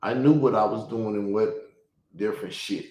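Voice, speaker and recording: Male podcast host, profane animated storyteller, echoey room sound. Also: on the low side, normal speed. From Chicago. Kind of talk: casual storytelling chat.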